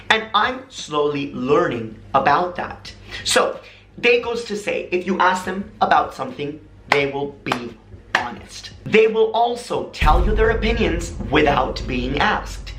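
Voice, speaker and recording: A man's voice: fairly high pitch, sing-song, unhurried. An American man talking casually to camera, telling stories animatedly and dramatically and switching into imitated voices. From United States. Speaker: vlogger. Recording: echoey room.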